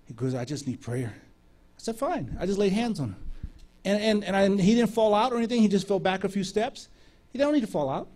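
A man preaching, telling a lively story and acting out the dialogue of the people in it. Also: sits high, fairly quick. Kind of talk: sermon storytelling.

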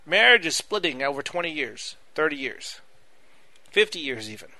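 A man's voice: high voice, animated, a little fast, sharp tone, no echo. A man preaching a sermon, earnest and repetitive, often addressing the listeners as "my friends".

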